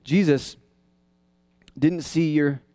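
A male pastor preaching a casual, conversational sermon that swings into high, excited tones. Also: extremely slow, no echo.

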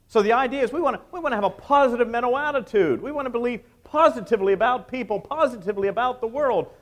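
A man's voice: extremely high pitch, quick pace. A man preaching a sermon to his congregation, rising and dropping his voice for emphasis and putting questions to the listeners. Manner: expressive preaching, rises and drops for emphasis, asks the congregation questions. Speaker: pastor.

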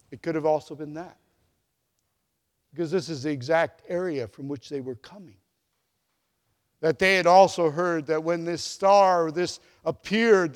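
A man preaching a sermon, telling a Bible story and acting out its dialogue with sudden swings between loud and soft. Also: on the high side, big-room sound. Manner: storytelling, acts out the quoted dialogue with big swings in loudness. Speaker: pastor.

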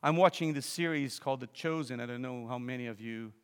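A man preaching a sermon, telling a story with frequent restarts and fillers, then building to loud, emphatic appeals. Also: mid-range voice, brisk, smooth, in a large hall.

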